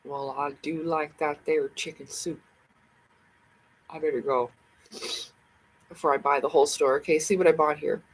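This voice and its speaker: A woman's voice: low voice, fairly even intonation, moderate pace, pauses often, husky, poor audio. A woman hosting a livestream, rambling casually to herself and her viewers in a chatty way. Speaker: livestream host.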